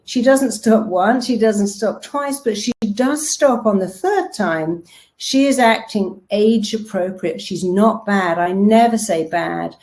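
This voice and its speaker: A woman's voice: medium pitch, a little mellow. A woman self-help speaker giving a motivational talk, telling stories and acting out the voices of people she quotes, with emphatic repeated words.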